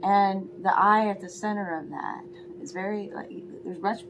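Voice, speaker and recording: Emotional, gravelly-voiced woman reading tarot. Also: mid-range voice, steady tone, moderate pace, background noise. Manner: soft, emotional, often half-whispered. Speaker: tarot reader. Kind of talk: spiritual tarot reading for viewers.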